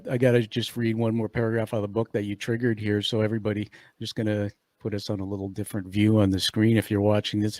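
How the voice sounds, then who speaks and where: A man's voice: on the low side, darkish tone, no room sound. A man hosting a podcast interview, enthusiastic and casual, calling his guest dude and swearing now and then. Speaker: podcast host.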